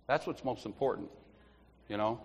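A man's voice: medium pitch, normal speed, husky. A man giving an informal church teaching, telling anecdotes, often laughing and acting out the people in his stories. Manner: storytelling, laughs often, acts out others. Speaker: lay preacher. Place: church sanctuary. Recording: long hall reverb.

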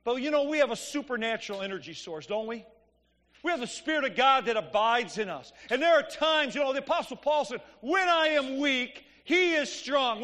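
A man's voice: extremely high pitch, sharp tone. A man preaching a sermon in a church, telling stories conversationally and asking the congregation "Amen?". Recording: long reverb of a church hall.

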